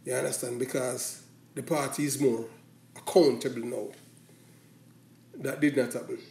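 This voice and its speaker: A man's voice: medium pitch, steady tone, moderate pace, creaky, warm tone. Jamaican man rambling in patois, echoey room. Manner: rambling, mixes patois with standard English. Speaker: commentator. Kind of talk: casual opinion monologue.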